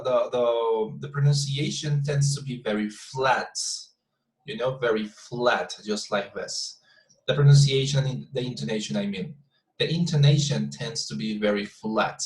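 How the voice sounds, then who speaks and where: A male English teacher with a Spanish accent talks his class through a lesson over a video call, stopping to repeat words and fill gaps with "uh" and "um". His voice sits at a middle pitch. The room around his mic adds a clear echo. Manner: halting, with many repeated words and fillers.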